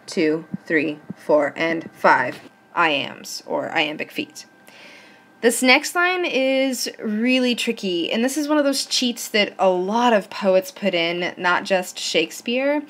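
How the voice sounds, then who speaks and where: A woman teacher narrating a recorded lesson, patient and encouraging, slowing down to count syllables and stresses aloud. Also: mid-range voice, a bit bright, slight background noise. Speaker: English teacher.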